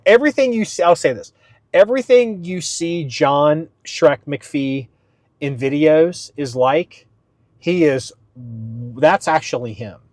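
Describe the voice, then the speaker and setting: A man hosting his own podcast in a casual, rambling way, with frequent fillers and restarts, pitching his voice up a little for the show. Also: dry recording. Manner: talks slightly up for the podcast. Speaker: podcast host. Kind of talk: casual solo podcast talk.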